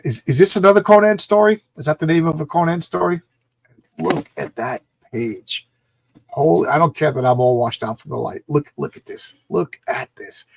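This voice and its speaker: A man talks through a comic with excited, rambling energy, his voice gravelly and a little husky. The sound is dry and close, as if from a small camera mic in a room with no echo. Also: mid-range voice. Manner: excited, rambling, acts out characters' lines. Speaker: comic book reviewer. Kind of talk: casual livestream comic reading.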